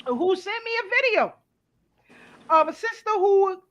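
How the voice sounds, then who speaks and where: A middle-aged woman hosts a casual panel talk in a very high, lively voice that swoops up and down. She is blunt and animated and swears freely. The audio sounds dull and lo-fi, like an online call. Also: unhurried. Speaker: host.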